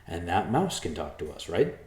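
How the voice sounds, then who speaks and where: A man's voice: sits low, sing-song, moderate pace, a little mellow, echoey room. A man voicing an earnest, polite young human man on a quest. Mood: eager.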